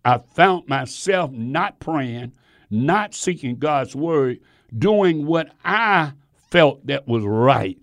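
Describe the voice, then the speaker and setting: A man's voice: on the high side, animated, very slow, a bit bright, no echo, studio quality. A man preaching a sermon in an emphatic, conversational way, asking his listeners rhetorical questions.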